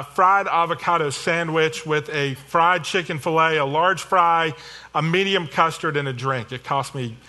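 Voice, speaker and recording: A middle-aged man preaching in a bright, forceful voice that sits a little high for a man. He talks to the congregation in a conversational, self-deprecating way, mixing personal stories into the sermon. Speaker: pastor.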